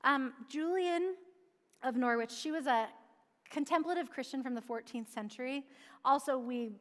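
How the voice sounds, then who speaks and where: A woman's voice: sits high, normal speed. A woman preaching a sermon in a church, earnestly asking questions and answering them herself. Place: church sanctuary. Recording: long church-hall reverb.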